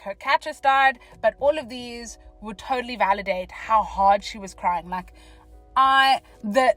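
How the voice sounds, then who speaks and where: A young South African woman tells a story from her car with a lively, jumpy delivery, dropping to a whisper and then bursting out loud. She talks casually and fast, with plenty of asides. Faint music plays behind her. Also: fairly high pitch, no echo, poor audio. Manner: animated, jumps between whispers and loud exclamations, quick asides. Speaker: vlogger. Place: parked car.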